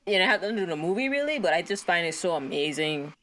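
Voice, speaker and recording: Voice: medium pitch, sing-song, racing, fairly bright tone. A co-host on a casual movie-review podcast, talking with enthusiasm in long, rambling sentences full of fillers. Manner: enthusiastic, rambling, lots of "like" and "you know".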